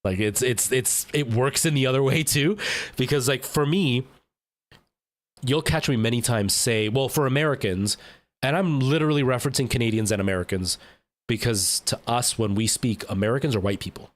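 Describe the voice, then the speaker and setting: A man's voice: mid-range voice, moderate pace, dry recording. A man streaming a game live, chatting casually and thinking aloud with lots of fillers and restarts.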